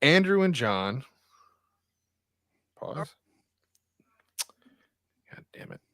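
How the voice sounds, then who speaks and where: A man's voice: mid-range voice, very animated, extremely slow, pushed and bright, dry recording, clean studio sound. Profane laid-back male podcast host. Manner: loose, profane, laughs easily. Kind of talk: casual podcast banter.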